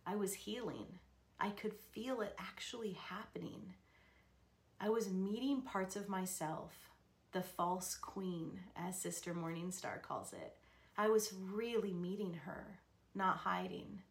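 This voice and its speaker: A woman podcast host telling a personal story in a candid, expressive way, often laughing and sometimes swearing. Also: mid-range voice, a little slow, creaky.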